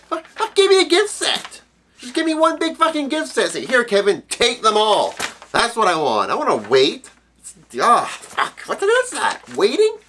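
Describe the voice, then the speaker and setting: A man from Canada's Maritimes ranting profanely in a casual vlog, jumping between loud outbursts and low mutters. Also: slight background noise. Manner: profane, animated ranting with sudden pitch jumps. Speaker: video blogger.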